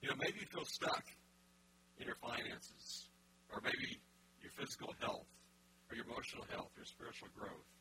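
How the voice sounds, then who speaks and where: A man's voice: normal speed, noisy background. A man preaching a sermon in a conversational way, with fillers along the way. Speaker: pastor.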